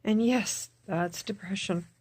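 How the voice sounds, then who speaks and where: A woman recording a personal video diary, speaking in a subdued, tearful, halting way and repeating herself. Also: mid-range voice, a little mellow. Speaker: vlogger.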